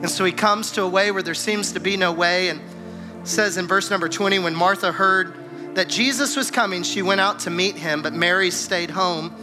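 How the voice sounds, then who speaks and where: A male pastor with a high, light voice delivers a conversational sermon. He retells scripture in his own words and voices its characters. Music plays clearly underneath. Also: steady tone, normal speed. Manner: conversational preaching, acts out scripture dialogue. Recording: music playing behind.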